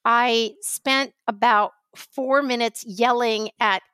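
Woman, high voice, animated, ranting, podcast co-host, dry close mic. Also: clean tone, no echo. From New York. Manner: animated storytelling, quick rants. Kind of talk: casual chat.

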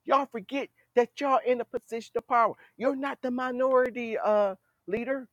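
A man's voice: very high voice, fairly even intonation, moderate pace, no echo, lo-fi sound. A man hosting a podcast, giving a blunt political commentary monologue and scolding leaders directly as if they were listening. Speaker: podcast host.

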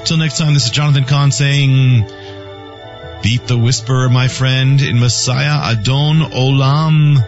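A man's voice: medium pitch, steady tone, measured pace. A man delivering a scripted radio teaching and donation appeal, with an emphatic preacher's cadence. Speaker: radio ministry speaker. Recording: dull lo-fi broadcast with faint music.

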